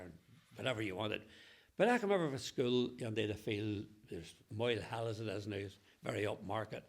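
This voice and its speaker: An older man spins local yarns to a group, mimicking the people he quotes and chuckling along the way. His voice sits at an ordinary pitch but has a rough, gravelly edge. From Northern Ireland. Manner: chatty, laughing at his own jokes, quoting others. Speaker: local storyteller. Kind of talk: telling local anecdotes to a group.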